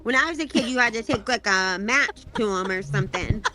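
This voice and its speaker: Chatty female caller, a bit high-pitched, gossipy, laughs easily. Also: fairly quick, pushed and bright. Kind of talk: casual chat.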